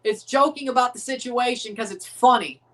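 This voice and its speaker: A livestream host with a slightly high voice riffs through a live sports watchalong. She's profane and joking, and abrasive on purpose.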